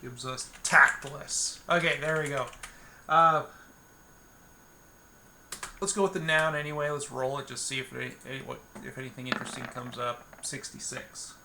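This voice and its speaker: Rambling, gravelly man narrating a solo game. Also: mid-range voice, steady tone, moderate pace, noisy background. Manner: meandering, many fillers and restarts.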